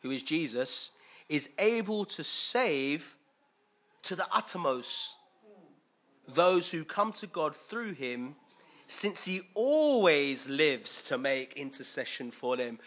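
A man's voice: on the high side, big pitch swings, slow, fairly bright tone. A man giving an informal, conversational sermon, often asking his listeners questions. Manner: conversational, asks listeners questions, acts out quoted voices. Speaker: preacher.

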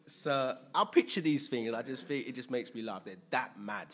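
A man preaching a sermon, animated and storytelling, acting out scenes. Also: mid-range voice, normal speed.

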